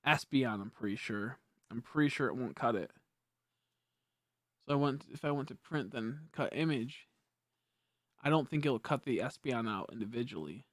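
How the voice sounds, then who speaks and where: A man's voice: mid-range voice, no room sound, clean studio sound. Casual, rambling young male streamer. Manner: rambling, self-correcting, easily frustrated. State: hiccups. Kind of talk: casual live-stream chat.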